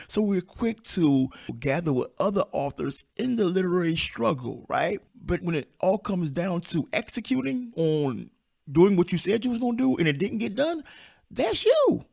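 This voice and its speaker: A squeaky, somewhat high-pitched man in his fifties talks through an unscripted motivational podcast monologue. His voice has a gravelly edge, and he speaks bluntly and down-to-earth, hammering his main points by saying them again. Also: a little mellow. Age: 50s. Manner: emphatic, repeats key points for stress. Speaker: podcast host and self-publishing coach.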